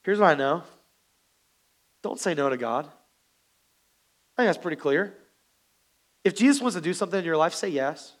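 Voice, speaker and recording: A male pastor preaching a sermon, animated and joking with the congregation. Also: fairly high pitch, moderate pace, long pauses.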